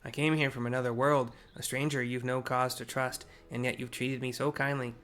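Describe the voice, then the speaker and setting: A man voicing a gentle male alien visitor from a game story who speaks earnest, formal thanks quickly. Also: medium pitch, level tone, close to an everyday voice. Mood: grateful.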